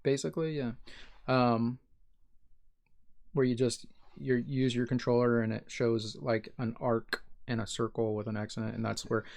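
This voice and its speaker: A man's voice: medium pitch, flat delivery, moderate pace, gravelly, a little mellow. A man from Ohio, co-hosting a podcast, chatting casually in a rambling way, full of fillers and restarts. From Ohio, USA. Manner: rambling, filler-heavy, self-correcting. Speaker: podcast co-host. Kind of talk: casual chat.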